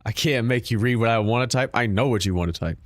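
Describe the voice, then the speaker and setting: A man's voice: mid-range voice, fast talker, no echo, clean studio sound. A man streaming a game, chatting casually and profanely with his viewers, joking and talking back to chat.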